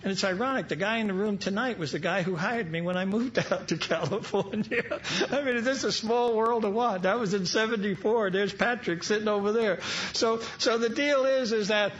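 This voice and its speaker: A man's voice: sits high, moderate pace, hardly any pauses, a bit bright, slight background noise. An older man from New York speaking at a recovery meeting, telling stories with humorous, wry asides. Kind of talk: storytelling talk to an audience. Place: large event hall. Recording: dull lo-fi live recording.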